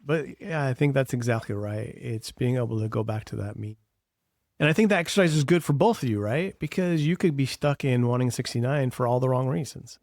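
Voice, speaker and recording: A man co-hosting a casual podcast as a life coach, telling coaching stories full of lively quoted dialogue. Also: mid-range voice, brisk, no echo, clean studio sound.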